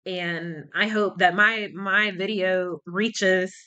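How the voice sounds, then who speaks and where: A woman's voice: mid-range voice, fairly even intonation, slow, bright, forceful tone, smooth, muffled recording. A woman talking in a casual commentary vlog. She rambles and searches for words, and she is short of breath from a cold. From United States. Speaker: YouTuber.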